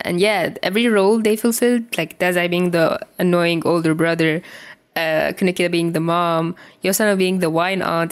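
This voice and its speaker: A woman with a fairly low voice reads a fan fiction story aloud in a podfic. She giggles and laughs as she reads. Afterward she slips into relaxed, chatty talk about the story. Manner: giggly, laughing while reading. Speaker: podfic reader.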